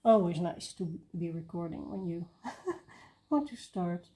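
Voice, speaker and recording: A woman talks through her coloring session at an unhurried pace, thinking aloud as she works. Her voice is dark and mellow. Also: fairly low pitch, animated, a little hiss or hum. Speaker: coloring video host. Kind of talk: casual coloring commentary.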